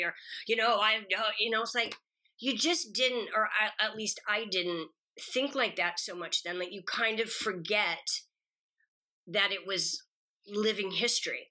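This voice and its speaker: A middle-aged woman, a guest actress chatting in an interview, telling stories and acting out quoted lines with lively energy. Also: medium pitch, a little slow. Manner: animated storyteller acting out quotes. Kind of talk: casual interview chat.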